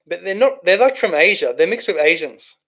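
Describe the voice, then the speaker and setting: A man with a slightly higher voice hosts a casual livestream. He reads viewer comments aloud and answers them in a loose, rambling way, often restarting his sentences. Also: expressive, brisk, a bit bright. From Australia. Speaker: livestream host reading chat. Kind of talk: casual live chat.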